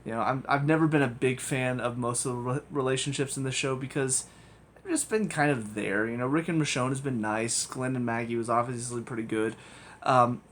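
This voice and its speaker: A man's voice: mid-range voice, fairly quick, a bit bright, a little hiss or hum. A man giving a casual spoken TV review, rambling and hedging with frequent ums and restarts.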